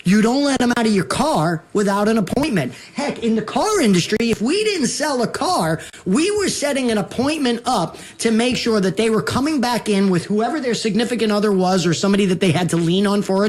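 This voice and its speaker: A husky-voiced man coaches realtors, laying out his rules with punch and lots of emphasis. His pitch rises and falls in a lively way as he works the point. It is a sales talk, direct and energetic. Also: brisk. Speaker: real estate broker and guest.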